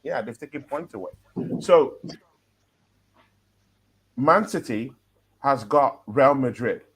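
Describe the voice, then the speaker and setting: A man holding forth in a casual football chat, animated and talkative, checking in with his listeners as he builds each point. His voice sits at an ordinary mid pitch. He laughs easily between his points. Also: slow, breathy edge. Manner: animated, laughing, walks through his argument with "yeah?" and "right?". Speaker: football podcast co-host.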